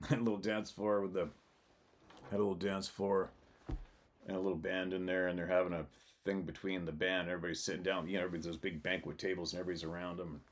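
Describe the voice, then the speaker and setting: This is a man with a fairly low voice, hosting his own show in a loose, rambling monologue. He talks bluntly and swears freely. He laughs as he goes and often breaks off his sentences to start them again. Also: flat delivery, fast talker. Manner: rambling with frequent restarts. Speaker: channel host. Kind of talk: casual storytelling monologue.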